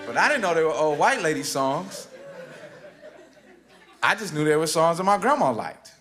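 Wry spoken-word storyteller. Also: male voice, fairly high pitch, very animated, crowd noise. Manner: rhythmic, wry, with dramatic pauses. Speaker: rapper. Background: guitar music.

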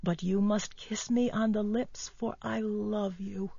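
A woman playing a gentle statue prince, gravelly. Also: medium pitch, fairly even intonation, slow pace, no room sound, exaggerated voice. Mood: gentle love. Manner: gentle and affectionate. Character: loving golden statue prince, male. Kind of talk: radio drama reading. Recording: dull lo-fi radio recording.

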